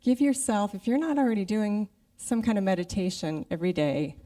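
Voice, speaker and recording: Mellow-voiced middle-aged woman preaching. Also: medium pitch, a little fast, distant mic. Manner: conversational, acts out her own inner voice. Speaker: guest speaker. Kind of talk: sermon. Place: church sanctuary.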